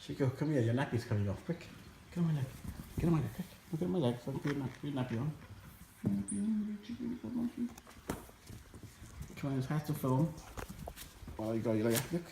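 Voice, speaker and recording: A man's voice: mid-range voice, rapid-fire. Man coaxing his pet monkey. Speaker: pet vlogger. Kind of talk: casual pet video narration. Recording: echoey room with noticeable noise.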